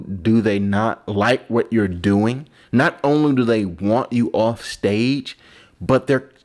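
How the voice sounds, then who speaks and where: A man's voice: medium pitch, darkish tone. A man, a vlogger and comedian, drinking and rambling in a profane, self-mocking monologue. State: drinking alcohol.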